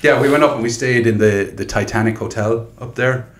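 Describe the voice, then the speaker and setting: A man's voice: medium pitch, brisk. A man from Ireland with a Galway accent, a podcast guest telling laid-back stories and laughing often. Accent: Galway Irish. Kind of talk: casual chat.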